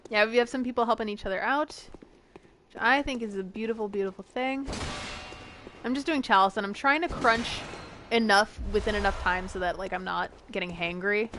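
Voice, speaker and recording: Woman streamer from the northern US, quick chatty delivery, casual and self-aware. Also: mid-range voice, background noise. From northern United States. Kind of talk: casual chat while playing a game.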